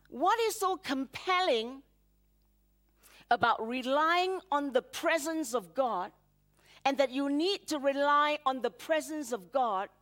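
A woman pastor preaching a sermon, dramatically acting out prayers with rising emphasis and laughing between phrases. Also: sits high.

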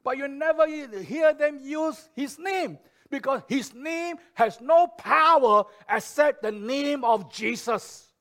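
A pastor delivers a sermon in a high-pitched male voice. He speaks slowly and deliberately, repeating his key phrases for emphasis. His delivery swings from soft, low passages to loud declarations.

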